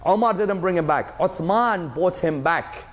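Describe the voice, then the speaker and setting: Male lecturer with a higher voice, emphatic religious storyteller who repeats key phrases. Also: expressive, unhurried, big-room sound, muffled recording.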